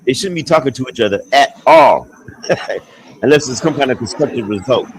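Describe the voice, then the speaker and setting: An expat on a livestream call chats casually in an expressive, mid-range voice at a moderate pace, blunt and profane, rambling and restarting often. He's abroad, with faint outdoor sounds behind him. The recording is low quality with slight background noise.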